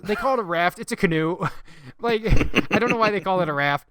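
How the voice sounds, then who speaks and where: High-voiced man recapping a movie. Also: animated, a little fast, fairly bright tone, clean tone, dry recording, clean studio sound. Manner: laughing, recaps scenes with quoted lines. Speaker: podcast host. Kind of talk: casual movie-review chat.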